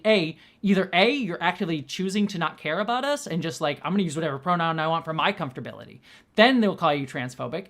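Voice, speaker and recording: A young adult woman host talking casually, rambling with many restarts and fillers. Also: mid-range voice. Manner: rambling, heavy use of "like", frequent restarts. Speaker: host and director. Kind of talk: casual commentary.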